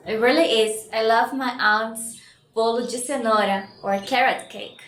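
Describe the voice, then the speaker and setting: A Brazilian woman with a Brazilian Portuguese accent teaching Portuguese words, cheerfully repeating each word slowly and giving its English meaning. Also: fairly high pitch, steady tone, fairly bright tone. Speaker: language teacher. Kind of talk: bilingual vocabulary lesson. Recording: echoey room with faint noise.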